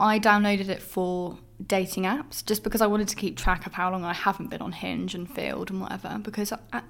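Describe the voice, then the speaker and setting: Young woman telling stories on her own podcast, speaking in a frank, loose, meandering way and leaning on "like" constantly. Her voice sits at an ordinary middle pitch for a woman. It is relaxed, unscripted solo talk recorded at home. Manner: candid, rambling, heavy use of "like". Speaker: podcast host. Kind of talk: casual solo podcast monologue. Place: her flat.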